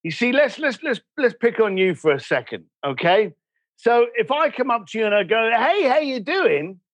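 A man speaking as a podcast guest, animated and storytelling, acting out quoted dialogue as he explains. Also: high voice, normal speed, dry recording. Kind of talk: conversational podcast interview.

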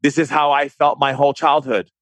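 A man's voice: fairly high pitch, little pitch movement, fairly quick, a bit bright, no room sound. A man in an emotional conversation, speaking with passion and often restarting and repeating his words.

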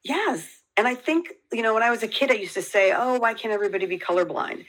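A woman with a New York accent, a podcast guest talking in an earnest, animated way. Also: fairly high pitch, fast talker, rough recording. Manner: earnest, animated, laughs easily. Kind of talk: casual chat.

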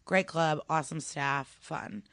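A woman's voice: deep voice, unhurried, clean tone, no room sound. A woman stand-up comedian telling stories in casual chat, acting out the voices of people she quotes. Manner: animated storytelling, acts out quotes.

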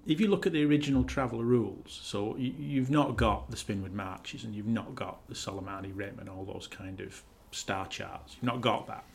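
A man co-hosting a podcast, dry and teasing, explaining his points with measured pauses. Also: on the low side, vocal fry, a little hiss or hum. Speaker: podcast co-host. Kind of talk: casual podcast chat.

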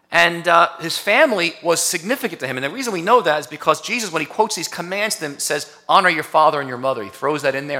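A male pastor delivers a sermon in a bright, forceful voice. He talks in a casual, conversational way and then presses harder as his points build. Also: medium pitch. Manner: conversational preaching, rising to emphatic. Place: church sanctuary.

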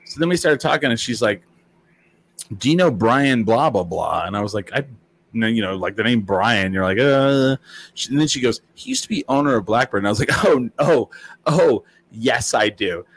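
A man with a medium-pitched, slightly bright voice talks fairly quickly in casual chat. He rambles through stories packed with fillers, acting out the quotes in different voices.

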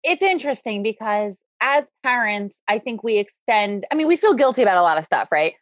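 A loud, animated woman in her forties tells her story in a high, lifted voice, laughing often as she talks. The sound is close and dry, with no room around it. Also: fairly quick, no echo. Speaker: podcast guest. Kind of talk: candid conversational interview.

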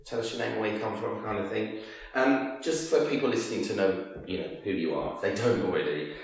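A man's voice: lowish voice, slightly rough. A man in his forties with a Birmingham accent, hosting a podcast interview in a chatty, easygoing way with plenty of laughs. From Birmingham, England. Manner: chatty, laughs easily, drawn-out fillers. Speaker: podcast host. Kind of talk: casual interview.

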